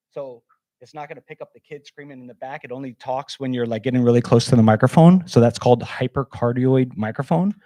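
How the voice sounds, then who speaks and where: Man, workshop presenter, casual, energetic, mellow voice, dry sound. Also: medium pitch, no room sound. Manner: casual, energetic, demonstrates gear, many fillers. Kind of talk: live workshop talk.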